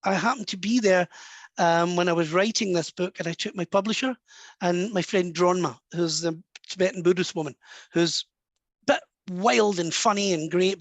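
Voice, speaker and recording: A Scottish man, a medium and author, telling a personal story softly and warmly in an interview. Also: high-pitched, dry recording. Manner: soft, warm and anecdotal, drops to a hush at moving moments.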